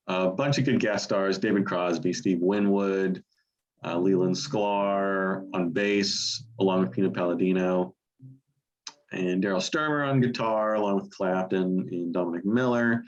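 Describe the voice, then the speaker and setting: A fairly low-voiced man co-hosts a music podcast, enthusiastic and explanatory as he talks through his picks. The audio is a bit dull and lo-fi. His delivery is relaxed, casual chat. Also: moderate pace. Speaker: podcast co-host.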